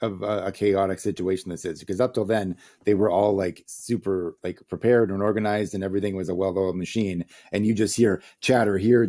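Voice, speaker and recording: A man's voice: lowish voice, dark tone. A man co-hosting a podcast, reflecting on a film in casual chat with joking asides. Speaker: podcast co-host. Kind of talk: casual movie discussion.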